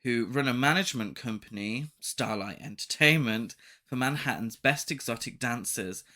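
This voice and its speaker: A man's voice: mid-range voice, moderate pace. A man co-hosting a horror film podcast, chatting casually and laughing easily while discussing cast members. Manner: relaxed, laughs often. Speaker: podcast co-host. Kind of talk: casual film review chat.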